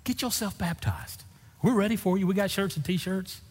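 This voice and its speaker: At a normal pace and with a breathy edge, a male pastor gives a sermon in a church sanctuary, telling folksy stories with dramatic, lively shifts in pitch. The recording is echoey, with long reverb from the hall.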